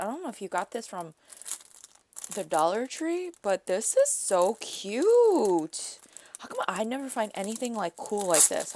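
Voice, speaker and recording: A woman's voice: medium pitch, slight background noise. A woman craft vlogger in her thirties, chatty and exclamatory as she opens a package on camera. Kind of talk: casual unboxing vlog.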